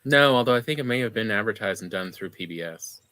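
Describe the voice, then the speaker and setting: A man's voice: on the low side, animated, fast talker, bright, forceful tone. A man who is the show's technical producer, joining a casual live chat with brief, laid-back remarks.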